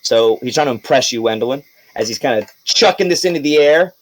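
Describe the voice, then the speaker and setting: A man narrating a tabletop game as game master, in a relaxed, rambling way with fillers and quick bursts. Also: medium pitch, no echo, poor audio.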